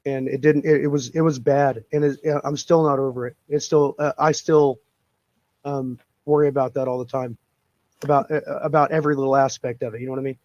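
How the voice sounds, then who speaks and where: A man talking casually as a guest, halting with many restarts and a dry, dark sense of humor. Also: mid-range voice, flat delivery, no room sound, muffled recording. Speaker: police accountability guest. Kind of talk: casual video call chat.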